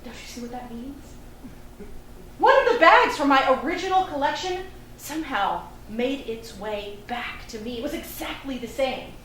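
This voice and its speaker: A woman's voice: sits high, lively intonation, moderate pace, a bit bright. A woman performing a live solo theatre monologue in a chatty, confiding way, laughing at her own stories. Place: theatre stage before an audience. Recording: roomy, distant stage recording with faint noise.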